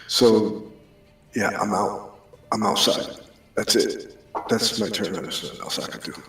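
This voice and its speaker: A man's voice: fairly low pitch, fairly even intonation, unhurried, a bit bright. A man taking his turn as a player in a tabletop game, talking hesitantly and trailing off. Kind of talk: casual tabletop game play. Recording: very echoey room, distant mic, faint music.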